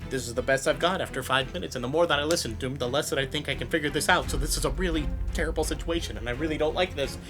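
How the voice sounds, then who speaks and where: A man's voice: on the high side, music in the background. A young man, a voice actor, chatting casually and self-deprecatingly about practicing impressions. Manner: animated, self-deprecating, quick laughs. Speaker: voice actor and YouTuber. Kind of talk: casual vlog commentary.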